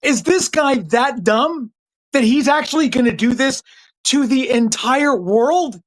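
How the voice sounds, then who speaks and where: A man's voice: very high-pitched, a little slow, voice pushed up. Man doing shrieking incredulous officials. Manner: shrieking disbelief, mocking. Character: incredulous Chinese officials, gleeful and mocking.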